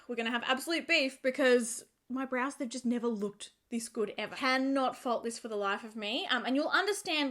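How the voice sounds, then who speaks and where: Her voice on the high side, a female beauty vlogger gives a chatty, informal product review. She's lively and emphatic, frequently repeating words to drive them home.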